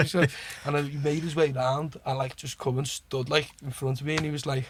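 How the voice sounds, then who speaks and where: A man from Liverpool with a Liverpool accent, a podcast guest telling rambling, animated stories in casual chat, full of "like" and "you know what I mean" and swearing. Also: on the high side, normal speed, a crowd in the background. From Liverpool, England.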